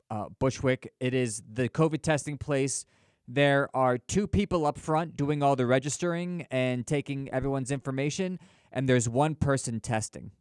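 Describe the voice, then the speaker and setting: A man's voice: mid-range voice, clean tone, dry recording, studio quality. A man co-hosting a casual podcast chat, telling long rambling stories with restarts and some swearing. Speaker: podcast co-host.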